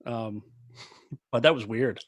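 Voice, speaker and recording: A man guesting on a podcast, telling a story in casual chat, animated and laughing often. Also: medium pitch, slow, no echo, clean studio sound. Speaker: podcast guest, former tour crew member.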